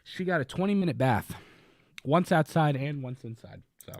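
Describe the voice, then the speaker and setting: A man's voice: fairly high pitch, expressive, normal speed, no room sound, studio quality. A man co-hosting a podcast, telling a long story in casual chat, rambling with many fillers and restarts. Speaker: podcast co-host.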